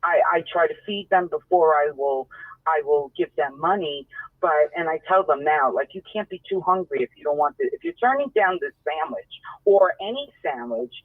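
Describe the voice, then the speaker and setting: A man calling in by phone, telling his story in animated bursts and repeating himself. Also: on the high side, moderate pace, no echo. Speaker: caller. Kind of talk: casual phone chat, storytelling. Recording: tinny phone line.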